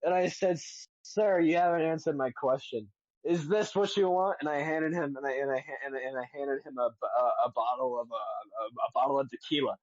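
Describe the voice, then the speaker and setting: A man's voice: mid-range voice, no room sound. Rambling young man telling a tall tale. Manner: halting, many restarts, mock-serious storytelling. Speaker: podcast co-host. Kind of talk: rambling comedic anecdotes. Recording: dull lo-fi dry sound.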